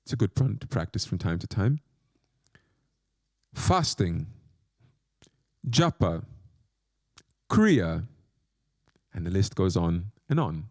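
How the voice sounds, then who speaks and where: A man's voice: low voice, very animated, takes it slowly, pauses often, a little mellow, dry recording, studio quality. A man, a monk, giving a spiritual lecture with playful, self-mocking asides and short phrases repeated for emphasis. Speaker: monk teacher.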